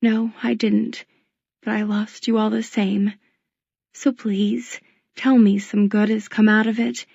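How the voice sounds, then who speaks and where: A woman voicing a worn, worried middle-aged working mother who speaks softly and pleadingly, close to tears. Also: mid-range voice, little pitch movement, slow pace, creaky, slightly rough, no room sound, muffled recording, heavily acted. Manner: soft, pleading, tearful.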